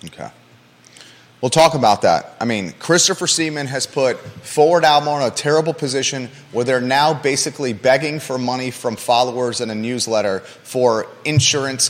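A man's voice: medium pitch, in a large hall. A man hosting a live local talk show from a studio, passionate and emphatic, often repeating his key points.

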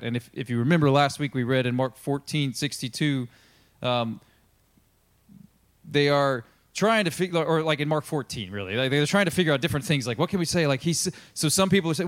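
Male pastor, casual sermon delivery, mid-pitched, playful with quoted voices. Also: normal speed. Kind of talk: conversational sermon.

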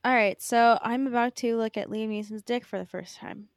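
Slightly high-voiced woman, hesitant and wry. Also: fairly even intonation, normal speed, clear, resonant tone, dry recording, clean studio sound. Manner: hesitant, wry, filler-heavy. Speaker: podcast co-host. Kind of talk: casual chat.

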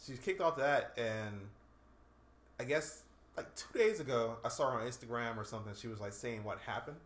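A man's voice: mid-range voice, normal speed, fairly bright tone. Laid-back male co-host in an echoey room. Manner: laid-back, agreeable, slangy. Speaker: podcast co-host. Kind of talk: casual chat.

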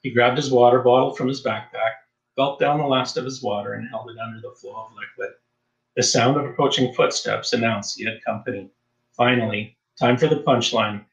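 Male audiobook narrator, steady, mid-pitched, roomy echo. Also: fairly quick, creaky, lo-fi sound. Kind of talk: scripted narration.

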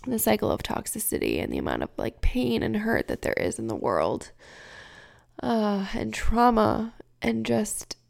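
A woman's voice: medium pitch, huge pitch swings, measured pace. A woman in her thirties hosting a podcast, talking candidly and emotionally, often searching for words. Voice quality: gravelly fry. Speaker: podcast host. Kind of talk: casual personal monologue.

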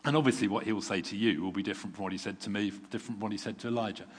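A man with a low voice delivers a sermon in an easy, self-deprecating way, as if talking with friends. He sounds worn out but steady. A long hall reverb trails his words. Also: rapid-fire, slightly rough. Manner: conversational, self-deprecating, with chuckles and restarts. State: tired. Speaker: preacher.

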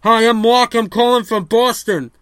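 A man voicing a brash male baseball fan calling in, deadpan about drinking plans. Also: very high-pitched, normal speed, smooth, dry recording. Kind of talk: comedic sketch.

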